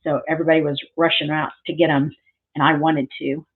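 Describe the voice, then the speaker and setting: A woman with a fairly low voice talks through a crafting project in an easy, meandering way. She drifts into side stories and keeps filling pauses with ums. The recording sounds thin and tinny, like a phone line. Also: level tone, breathy edge. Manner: rambling, chatty, lots of ums and side stories. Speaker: craft vlogger. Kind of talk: casual crafting tutorial chat.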